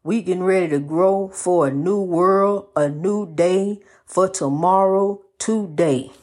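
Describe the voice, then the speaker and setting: A woman's voice: fairly low pitch, slow, a little mellow. A woman giving a motivational, preachy talk, repeating phrases in a rhythmic cadence with casual asides.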